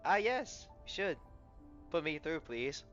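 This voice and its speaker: A man playing through a story game, reading narration and dialogue aloud as he goes. He stumbles over words and corrects himself, with loud excited outbursts. The recording is slightly muffled, with soft game music underneath. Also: a little high, slow pace.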